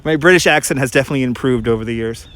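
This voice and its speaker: A man's voice: mid-range voice, fairly bright tone, clean tone. A man with a Brooklyn accent, a tour guide chatting casually on a livestream as he walks through a snowy park. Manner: chatty, quick, with frequent restarts and laughs. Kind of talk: casual livestream chat while walking.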